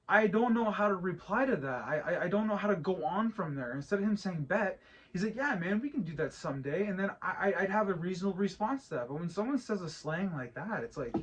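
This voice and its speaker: With a high-sitting, husky voice, a thirtysomething podcast co-host talks casually and meanders, often restarting sentences and repeating himself.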